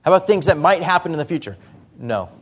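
Male pastor, mid-high voice, conversational sermon delivery, asks and answers his own questions. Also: very animated, fast talker. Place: church.

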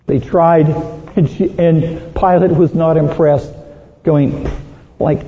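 High-voiced preacher in an echoey hall. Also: male voice, steady tone, takes it slowly, long pauses. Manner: earnest, emphatic, dramatizes Bible quotes. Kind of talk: sermon. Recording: tinny phone-like sound in an echoey hall.

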